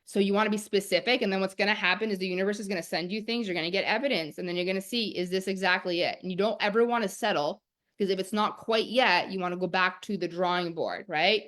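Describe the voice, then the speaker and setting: A woman's voice: mid-range voice, fast talker, a bit bright. A young woman teaching a live-streamed masterclass, talking in a chatty, enthusiastic way full of "like". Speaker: online course teacher.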